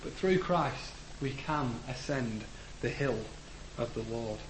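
A man preaching a sermon in a church, earnest, rising to emphatic declarations and letting phrase ends fall low. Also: lively intonation, slow pace. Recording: echoey room with faint background noise.

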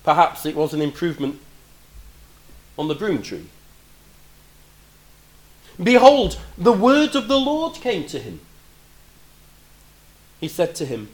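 A man preaching a sermon in a roomy, echoing space. His voice sits a little high and swings widely in pitch, rising loud for emphasis and then dropping to quiet asides. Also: sing-song, slow, long pauses.

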